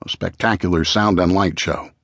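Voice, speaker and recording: A man narrating a true-crime audiobook in a measured, even storytelling manner, close to a studio mic. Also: sits low, dry recording.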